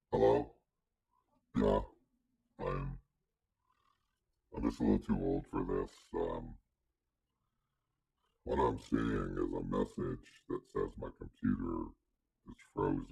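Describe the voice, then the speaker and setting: A deep gravelly voice changer. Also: male voice, steady tone, takes it slowly, long pauses, mellow, exaggerated voice. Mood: testing. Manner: testing presets aloud, judging each one. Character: deep gravelly man, from demonic to old. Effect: deep male voice-changer filter. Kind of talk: live stream voice-changer demo.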